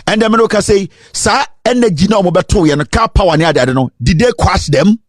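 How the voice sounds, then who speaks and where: Fiery Ghanaian man ranting in a lively high voice. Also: fast, no room sound, clean studio sound. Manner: switches between English and Twi, repeats rhetorical questions, at times sing-song. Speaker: political commentator. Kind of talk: impassioned political rant.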